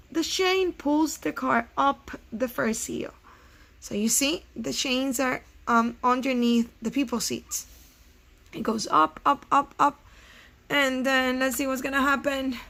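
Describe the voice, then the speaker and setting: A middle-aged woman teacher giving a recorded science lesson to first graders, explaining slowly and asking the children questions. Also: on the high side, a bit bright.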